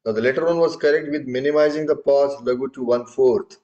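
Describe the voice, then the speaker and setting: A man's voice: medium pitch, steady tone, fast talker, dark tone, highs cut off. A man teaching a tabla lesson, explaining patiently and reciting drum syllables in rhythm to his students.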